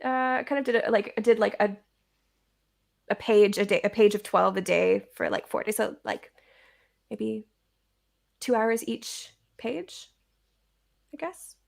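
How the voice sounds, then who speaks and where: A woman's voice: a little high, measured pace, creaky, long pauses. A woman guest on a casual live stream, answering hesitantly with many fillers. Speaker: guest musician.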